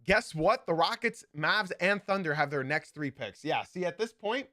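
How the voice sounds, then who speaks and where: Animated man hosting a live sports podcast. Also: sits high, moderate pace, no room sound, clean studio sound. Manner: animated, emphatic, repeats key points. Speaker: podcast host. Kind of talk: live basketball podcast commentary.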